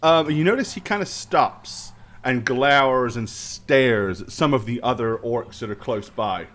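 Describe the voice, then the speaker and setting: A man's voice: medium pitch, measured pace, fairly bright tone. A man narrating a tabletop role-playing game as game master, casual and loose with fillers. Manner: casual, with many fillers and laughs.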